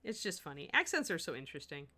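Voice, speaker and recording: A middle-aged woman chats casually while she paints, her voice bright and forceful, sitting a little low for a woman. She talks in an animated, self-correcting way, thinking aloud as she works in her studio. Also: fast talker. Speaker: miniature painting livestream host.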